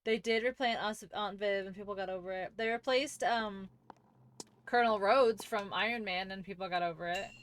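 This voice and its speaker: A woman's voice: mid-range voice, normal speed, no echo. A woman streaming a video game, chatting casually and reacting aloud as she answers her chat. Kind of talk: casual gameplay commentary.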